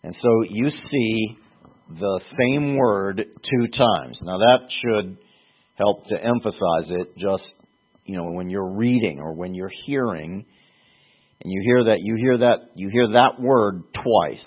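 A man teaching a Bible passage in a sermon, speaking haltingly and repeating words for emphasis. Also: on the low side, breathy edge. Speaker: preacher. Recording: tinny phone-like sound.

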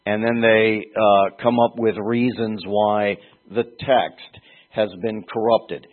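A man's voice: fairly low pitch, steady tone, takes it slowly. A man preaching a sermon, teaching through a Bible passage in a digressive way and rising to emphatic peaks when he quotes scripture. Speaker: pastor. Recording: tinny phone-like recording.

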